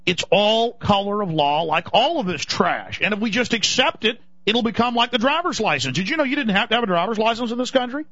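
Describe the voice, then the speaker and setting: A high-pitched, bright-voiced man rants urgently on talk radio, indignant and insistent. The sound is dry and close but muffled and lo-fi, like an old radio broadcast. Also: animated, a little fast, few pauses, no echo. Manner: urgent, indignant ranting with mocking put-on voices. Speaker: radio talk show host.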